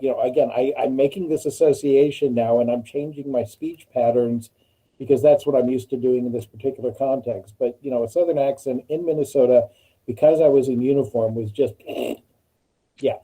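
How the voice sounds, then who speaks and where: A man telling a relaxed, self-deprecating story during an online panel discussion over a video call. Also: mid-range voice, moderate pace, breathy edge, low-quality recording. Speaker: panel participant. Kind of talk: casual anecdote on video call.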